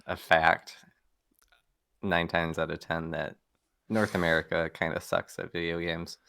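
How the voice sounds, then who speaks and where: A man's voice: sits low, flat delivery, unhurried, vocal fry, pushed and bright, no echo, clean studio sound. A laid-back young man and college esports player talking matter-of-factly in casual podcast chat. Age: young adult.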